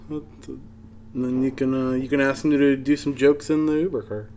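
A man's voice: medium pitch, little pitch movement, normal speed, warm tone, slight background noise. A man hosting a podcast in a comedy club, chatting casually, laughing easily and swearing along with his guest. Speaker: podcast host. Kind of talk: casual chat.

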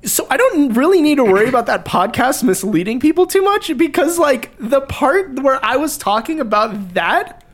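A young man guest on a casual podcast, telling animated stories full of swearing and laughter. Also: very high voice, moderate pace.

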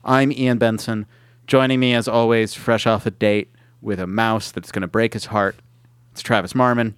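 A man's voice: on the low side, steady tone, normal speed, clean tone, dry recording. Man hosting a podcast, dry close sound. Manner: laughs often, playful emcee delivery. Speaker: podcast host. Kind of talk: casual podcast chat.

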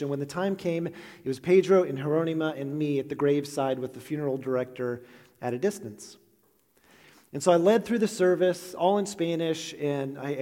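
A man's voice: fairly high pitch, darkish tone, long reverb tail. A man in his thirties preaching a sermon as a pastor, telling a personal story earnestly with touches of self-deprecating humor, in a church sanctuary.

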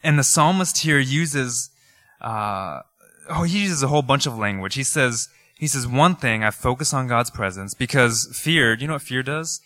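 A man's voice: mid-range voice, normal speed, no room sound, studio quality. A man, preaching a sermon in a conversational, storytelling way with many fillers. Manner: conversational, animated storytelling with laughs and filler words. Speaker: pastor. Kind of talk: sermon with personal stories.

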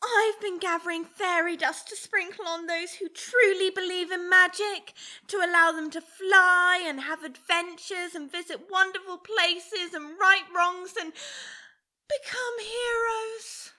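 A woman playing an earnest, sweet fairy in a comedy sketch, speaking slowly and dreamily. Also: very high-pitched, fairly even intonation, pushed and bright, exaggerated voice.

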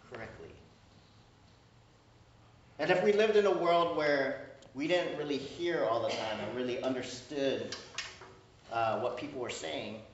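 A male pastor preaching a sermon in a conversational, animated way, often checking in with the congregation and acting out small exchanges. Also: on the high side, a little hiss or hum. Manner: conversational, keeps asking "right?"; animated, acts out little dialogues. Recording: roomy echo, distant mic, dull sound.

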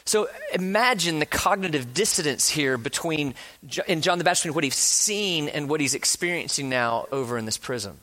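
A male pastor delivers a sermon in a slightly high voice. He talks earnestly, surging quickly through some points and dropping to a slow hush on others. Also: animated. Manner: earnest, speeds up and slows down, drops to a hush for emphasis; acts out quoted speakers with rising passion.

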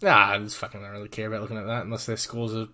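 A man's voice: on the low side, little pitch movement, very fast, crowd noise. A man with an Australian accent co-hosting a podcast, swearing freely and laughing easily in casual banter. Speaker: podcast co-host.

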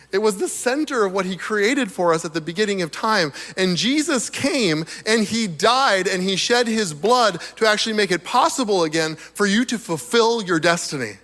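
High-voiced, slightly hoarse male preacher. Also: moderate pace. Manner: animated, chuckles between points. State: slightly hoarse, losing his voice. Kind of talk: sermon. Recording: long reverb of a large hall.

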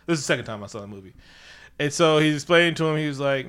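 A man chatting casually about a film, retelling the plot with lots of animation. His voice is bright and clear, and he keeps breaking into exaggerated character voices. The talk is loose and conversational. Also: medium pitch, quick pace. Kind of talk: casual movie recap chat.

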